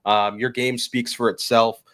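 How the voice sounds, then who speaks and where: A man's voice: medium pitch, level tone, a little slow, a bit bright, clear, resonant tone. A man hosts a casual hockey podcast in an ordinary mid-range voice. He asks his questions in a chatty, rambling way, stacking up fillers and restarts as he goes. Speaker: podcast host.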